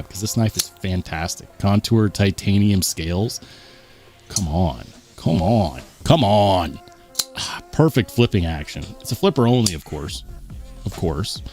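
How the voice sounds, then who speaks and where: Man, live-stream host, casual chat, animated pitch, faint background music. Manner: upbeat, reads chat comments aloud and reacts. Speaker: livestream host.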